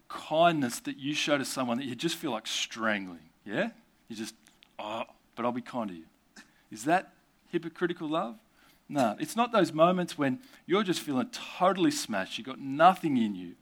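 A man giving a sermon, posing rhetorical questions and tossing in conversational asides. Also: on the high side. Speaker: preacher.

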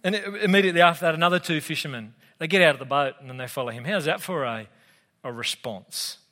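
A man's voice: a little high, fast talker, pushed and bright. Aussie guy preaching, laid back and jokey, voice bouncing round a big echoey hall. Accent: Australian. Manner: casual, conversational, humorous asides. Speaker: pastor. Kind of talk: sermon. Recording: long hall reverb.

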